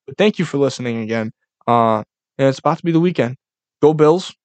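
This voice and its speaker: A young man hosting a casual solo podcast, ranting with lots of swearing in an animated, loose way. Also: mid-range voice, fairly quick, no room sound. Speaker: podcast host.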